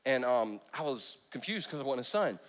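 A man's voice: mid-range voice, sing-song, moderate pace. A man preaching a sermon in church, joking and breaking off his own sentences. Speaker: pastor.

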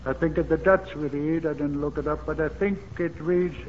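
A man's voice: a little high, steady tone, normal speed. A man preaching a sermon, emphatic and repetitive, with fervent exclamations. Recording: dull old sermon tape in a reverberant hall with faint hiss.

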